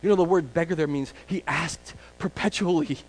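A male preacher delivers a sermon with strong emphasis and speaks directly to his listeners. His voice sits a little high for a man. He often pushes his words out to drive a point home. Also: normal speed, rough recording. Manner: emphatic, addresses the congregation directly. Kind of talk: expository sermon.

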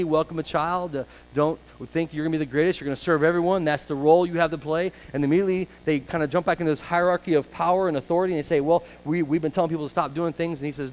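Chatty pastor with a slightly high voice. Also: male voice, a little mellow, low-quality recording. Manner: casual, chatty asides and rhetorical questions. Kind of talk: conversational sermon.

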